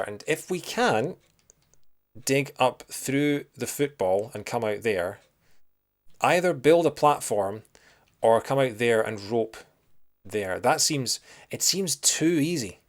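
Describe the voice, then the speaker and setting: Man, soft Scottish accent, young adult, casual stream chatter, thinking aloud, lots of ums, mid pitch. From Scotland. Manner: chatty, thinks aloud, many ums and restarts, greets viewers. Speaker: streamer playing a retro game. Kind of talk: casual live-stream commentary.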